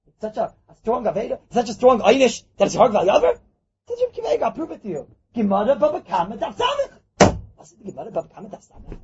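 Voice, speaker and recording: A man giving an animated Talmud class, acting out little scenes and mixing Hebrew and Yiddish terms into his talk. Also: extremely high pitch, fast, dull audio, a little hiss or hum. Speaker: Torah teacher.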